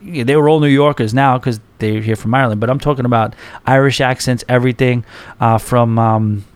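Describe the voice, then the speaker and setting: A man's voice: mid-range voice, steady tone, a little fast, clean tone, dry recording. A man in his forties with a New York accent, hosting a podcast and rambling through a casual story with many restarts. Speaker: podcast host.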